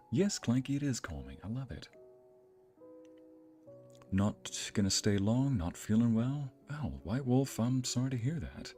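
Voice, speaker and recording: Low-voiced man chatting on a livestream. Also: darkish tone. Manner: friendly, greets chat by name, playful exclamations. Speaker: streamer and narrator. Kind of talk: casual livestream chat. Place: home streaming setup.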